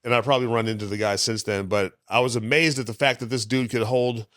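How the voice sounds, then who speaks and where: A man's voice: medium pitch, steady tone, quick pace, fairly bright tone, no room sound, studio quality. A man in his fifties, a comedian telling rambling stories as a podcast guest, chuckling between them. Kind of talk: casual interview storytelling.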